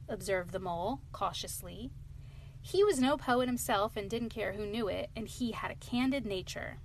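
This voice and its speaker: A woman hosting a bedtime story show, reading aloud in a gentle, expressive way. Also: mid-range voice, moderate pace, gravelly, slight background noise. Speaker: storyteller host.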